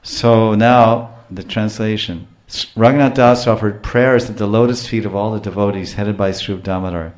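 A man's voice: fairly low pitch, fairly even intonation, normal speed, few pauses, reverberant. A man giving a scripture lecture as a spiritual teacher, telling stories with frequent restarts. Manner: storytelling, acts out quotes, frequent restarts.

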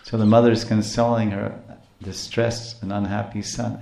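A man's voice: lowish voice, flat delivery, moderate pace, vocal fry, warm tone, echoey room. A man giving a scripture lecture as a spiritual teacher, telling stories with frequent restarts. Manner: storytelling, acts out quotes, frequent restarts.

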